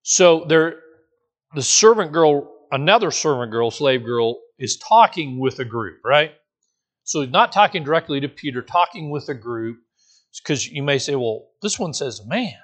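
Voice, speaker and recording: A man's voice: on the high side, expressive, normal speed. A man preaching a sermon, acting out the quoted voices with frequent restarts. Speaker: pastor.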